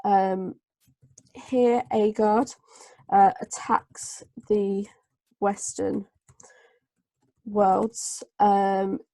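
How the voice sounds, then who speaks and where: A woman tutoring a live online class, her voice gravelly and mellow with a flat melody. She speaks haltingly, filling pauses as she writes. The sound is dry and close on a computer mic. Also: medium pitch, no echo. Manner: slow, hesitant dictation with many fillers while writing. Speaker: English tutor.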